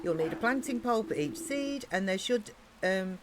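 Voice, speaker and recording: A woman's voice: medium pitch, lively intonation, moderate pace, background noise, lightly acted. A woman with an English accent reading aloud the lines of a friendly, eager male orc farmer in a video game, in a chatty, encouraging way.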